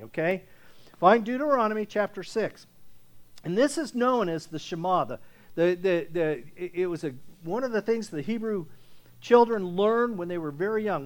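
A man preaching a sermon in a casual, conversational way, checking in with his listeners and rising to loud, emphatic scripture readings. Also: high voice. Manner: conversational preaching with frequent "okay?" check-ins. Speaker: pastor.

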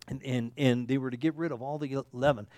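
A man's voice: mid-range voice, steady tone, moderate pace, warm tone, no echo. Rambling male pastor, dry sound. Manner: rambling, self-correcting, frequent "okay?" checks. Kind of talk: conversational sermon.

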